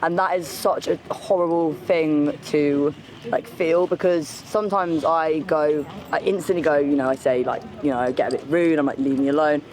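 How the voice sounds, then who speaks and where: A woman's voice: low voice, steady tone, normal speed, a little mellow. A British woman from the UK, answering a street interview and repeating herself for emphasis. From United Kingdom. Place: busy city street outdoors. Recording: outdoor street crowd noise.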